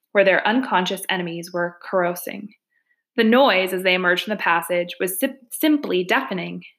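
A woman's voice: mid-range voice, fairly bright tone. Woman reading a storybook aloud.

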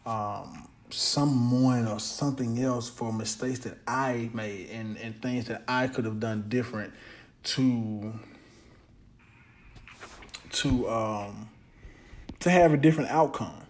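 A man's voice: mid-range voice, takes it slowly, pauses often. A man hosting a podcast, talking in a blunt, rambling casual monologue full of slang and repeated words. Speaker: podcast host.

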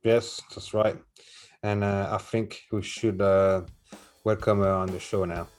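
French-accented male co-host, lowish voice, relaxed, hesitant. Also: unhurried, soft background music. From France. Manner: relaxed and hesitant, with many "uh" fillers. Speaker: podcast co-host. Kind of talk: casual chat.

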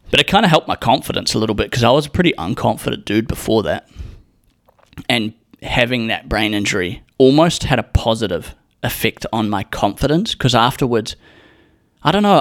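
Young man, low voice, dry close sound, rambling casual storytelling, lots of swearing. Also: fairly bright tone, dry recording. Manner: rambling, swears a lot, acts out quotes.

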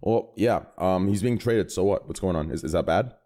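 A man's voice: low voice, moderate pace, mellow. Joking man hosting a podcast. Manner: joking, rambling guest introductions. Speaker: podcast host. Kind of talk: casual podcast chat.

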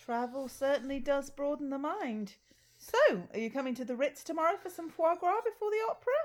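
A woman's voice: sits high, lively intonation, fairly quick. A woman playing a snobbish, condescending posh woman in a comedy sketch, with a plummy, affected delivery. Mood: smug.

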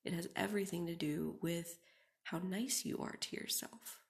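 A young woman hosting a reflective solo podcast, talking casually with many "like"s and often dropping into a soft whisper. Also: lowish voice, normal speed, gravelly. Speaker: podcast host.

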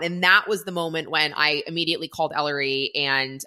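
Bright low-voiced woman telling a story. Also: fairly even intonation, fast, few pauses. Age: 30s. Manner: chatty, lots of "like", acts out quoted voices. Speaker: vlogger. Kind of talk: casual storytelling to camera.

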